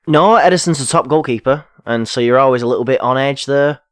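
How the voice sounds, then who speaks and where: A man's voice: mid-range voice, quick pace, fairly bright tone, dry recording, studio quality. Rambling man in casual football chat. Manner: rambling, self-correcting, fillers. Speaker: podcast co-host.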